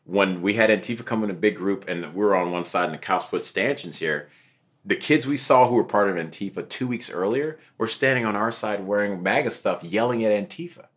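Lively young man telling his story. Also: lowish voice, fairly quick. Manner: animated, acts out quotes of others. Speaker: interview guest. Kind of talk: casual conversational storytelling.

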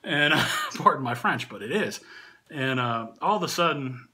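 A man casually telling a funny anecdote, animated and often laughing through the story. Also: medium pitch, moderate pace. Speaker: channel host and storyteller.

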